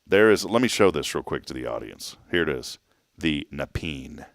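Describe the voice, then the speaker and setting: A man's voice: rumbling low, moderate pace, gravelly, dry recording, studio quality. A man hosting a morning show, chatting casually and joking as he reads listener comments. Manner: jokey, animated, laughs while reading listener comments. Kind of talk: casual chat.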